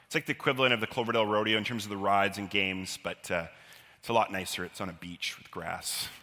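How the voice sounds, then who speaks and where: A man telling a personal childhood story live, animated and self-deprecating, acting out the quotes. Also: lowish voice, quick pace. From Canada. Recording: long hall reverb.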